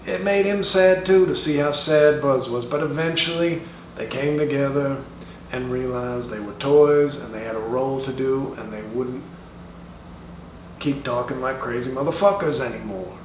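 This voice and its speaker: Here a man of medium pitch and moderate pace, sounding close to everyday speech, does a comedic impression of a brash middle-aged comedian at a school assembly. He lectures the children with a drawl, profanity and mock-serious taunting. The sound is roomy, from a distant mic in an echoing space with slight background noise.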